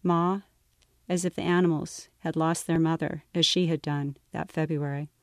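A woman author reading her novel aloud in a measured, wry manner. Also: low-pitched, fairly even intonation, no room sound, clean studio sound.

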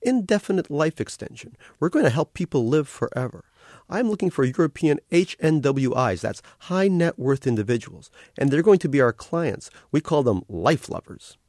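A man's voice: on the high side, sing-song, normal speed, a little mellow, no room sound, studio quality, voice pushed up. A man voicing an eager, jittery young man in a dramatic reading. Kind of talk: audiobook reading.

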